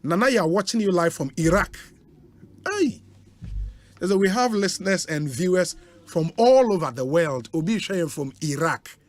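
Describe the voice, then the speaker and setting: A man's voice: sits high, lively intonation, moderate pace. Ghanaian man reading out listener greetings. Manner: chatty, warm interjections and laughs between names. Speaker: radio host.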